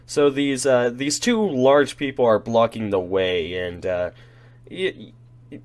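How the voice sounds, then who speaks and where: A man serves as game master for a tabletop session. He narrates at an everyday middle pitch. His delivery is easygoing and full of small pauses. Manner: relaxed, hesitant narration with many fillers.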